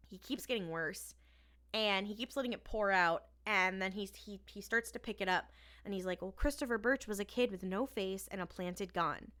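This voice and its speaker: Woman cohost retelling an episode, lively quoted lines, bright tone. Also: medium pitch, moderate pace. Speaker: podcast co-host. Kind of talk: casual recap chat.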